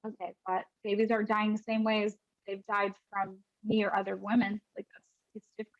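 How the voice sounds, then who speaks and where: A woman's voice: medium pitch, level tone, brisk. A woman, speaking to viewers in a personal vlog with impassioned frustration. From United States. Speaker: vlogger, mother sharing her birth story. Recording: dull lo-fi audio.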